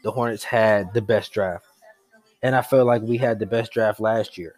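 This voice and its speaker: A young man reacting live as a sports fan, excitable and repeating himself in his joy. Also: on the low side, moderate pace. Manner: excitable, repetitive, breathless with joy.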